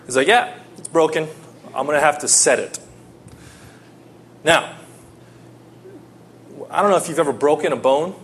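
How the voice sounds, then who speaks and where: A man preaching a sermon, telling a personal story and swinging between loud pleading and hushed tones. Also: fairly high pitch, moderate pace, pauses often, a little hiss or hum.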